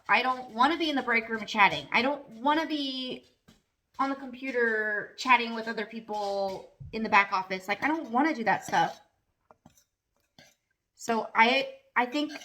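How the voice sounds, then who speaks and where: A woman's voice: medium pitch, a bit bright. A middle-aged woman vlogging at home in a candid, casual monologue, earnest and emphatic with lots of "like" fillers.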